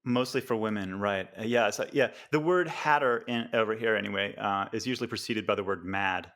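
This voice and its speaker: An American man hosting a podcast interview, friendly, with frequent chuckles and halting fillers. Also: on the low side, fairly bright tone. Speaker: podcast host.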